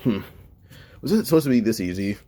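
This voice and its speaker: A man voicing a cocky, bored, overpowered male street fighter, speaking in a flat, offhand way in his own low voice. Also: brisk.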